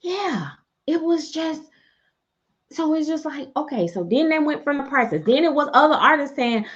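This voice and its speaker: A woman who makes and sells dolls, ranting on a livestream in a sassy, animated way and cussing freely. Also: sits high, a little fast, lo-fi sound. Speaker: doll artist and seller. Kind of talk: livestream rant.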